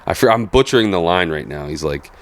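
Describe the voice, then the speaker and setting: Very low-voiced laid-back man. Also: animated, brisk, a bit bright. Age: 30s. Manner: crude, laughing storyteller. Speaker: podcast co-host. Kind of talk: casual chat.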